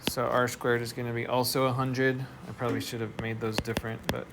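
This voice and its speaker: Guy teaching math in a classroom, mid pitch, talks it through step by step, some background noise. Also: flat delivery, fairly quick. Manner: explains step by step, asks the class questions. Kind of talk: classroom lecture. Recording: noisy classroom recording.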